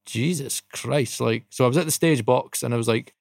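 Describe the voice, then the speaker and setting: A man's voice: mid-range voice, fast, creaky, dry recording. Scottish man from Dundee, podcast co-host, dry close-mic sound, chatty and sweary, mid-range voice. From Dundee, Scotland. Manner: animated, swears freely, laughs through the story. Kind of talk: casual anecdote telling.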